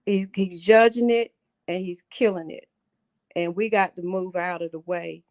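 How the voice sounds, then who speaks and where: Earnest, halting middle-aged woman caller. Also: on the low side, fairly even intonation, darkish tone. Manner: earnest, halting, repeating herself. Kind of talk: call-in on a livestream talk show.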